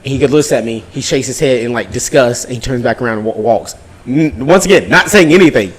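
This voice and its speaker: Fast-talking, animated male storyteller. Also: mid-range voice, breathy edge. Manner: animated, profane, acts out dialogue. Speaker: podcast host. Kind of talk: casual storytelling.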